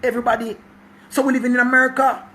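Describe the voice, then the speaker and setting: A man's voice: very high voice, little pitch movement, rapid-fire, bright, forceful tone. A Jamaican man in his forties giving a preachy life talk in a mix of patois and English, repeating himself and swearing. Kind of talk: passionate casual monologue.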